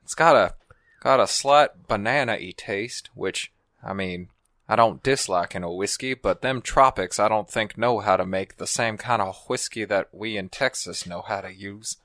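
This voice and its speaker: A man's voice: fairly low pitch, normal speed, a bit bright, dry recording, clean studio sound. A man putting on the voice of a prim, grumbling middle-aged Texan dad. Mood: fussy.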